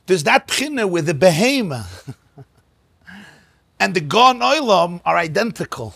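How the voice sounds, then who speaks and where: Male rabbi lecturing in a synagogue; bright, husky tone, emphatic, repeats key words, sprinkles in Hebrew and Yiddish. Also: high voice, sing-song, moderate pace, no echo. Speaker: rabbi teaching a class. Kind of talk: lecture on mystical texts.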